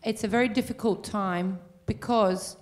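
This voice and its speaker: A woman in the audience speaking up as a local resident, heartfelt and halting, with pauses and fillers. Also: medium pitch, steady tone, slight background noise. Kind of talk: question from the floor.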